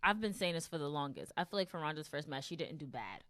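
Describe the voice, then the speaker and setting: A woman's voice: sits low, quick pace, dry recording, clean studio sound. A woman co-hosting a wrestling podcast, telling stories in a casual chat and acting out the quotes. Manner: animated storytelling, acting out quotes. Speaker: podcast co-host.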